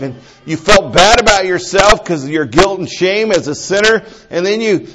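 This middle-aged man preaching as pastor alternates between quiet, unhurried prayer and excited exhortation that is loud and high. The audio is poor, with a little hiss or hum.

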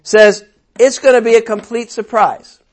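A man preaching a sermon in a conversational, animated way, with playful asides and sudden outbursts. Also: extremely high pitch, normal speed.

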